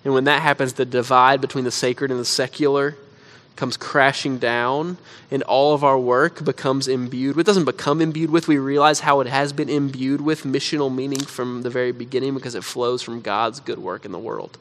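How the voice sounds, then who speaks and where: A man's voice: medium pitch, steady tone, normal speed, few pauses, fairly bright tone. Conversational man preaching a sermon. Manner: conversational storytelling with frequent "like". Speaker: pastor.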